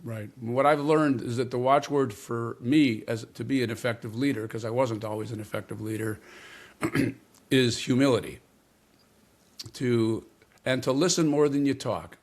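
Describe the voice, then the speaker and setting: A man as an interview guest, explaining communication ideas in a measured way and stressing key words. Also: medium pitch. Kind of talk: interview conversation.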